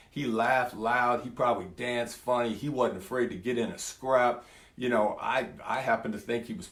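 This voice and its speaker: Man preacher, casual sermon, folksy storyteller, middle pitch, roomy sound. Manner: lively storytelling, acts out voices in quotes; folksy, says "man" and "y'all". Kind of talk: casual sermon with scripture reading.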